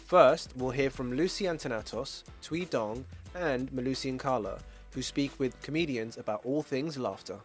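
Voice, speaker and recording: A man's voice: mid-range voice, normal speed, hardly any pauses, soft background music. A young man co-hosting a student variety show, reading the intro and reacting with disbelief to a joke. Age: young adult. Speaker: co-host. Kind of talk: casual chat and show intro.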